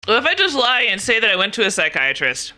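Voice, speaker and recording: A young woman streamer in casual chat, ranting in an animated, exasperated way with plenty of swearing. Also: fairly high pitch, quick pace.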